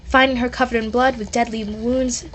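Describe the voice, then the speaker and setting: Woman reading her own story, casual and chatty, higher-pitched voice, makes quick asides. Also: little pitch movement, a little hiss or hum. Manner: chatty, self-interrupting asides.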